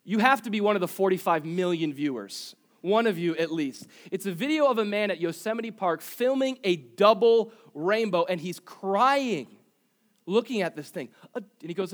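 High-voiced man preaching a sermon. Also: animated, fairly quick. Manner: conversational, humorous asides and rhetorical questions. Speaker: pastor. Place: church service.

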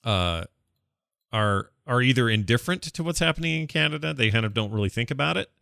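A man's voice: mid-range voice, expressive, a little fast, gravelly, bright, forceful tone, dry recording, clean studio sound. A man from the United States talking bluntly and with strong opinions as a podcast co-host in casual chat.

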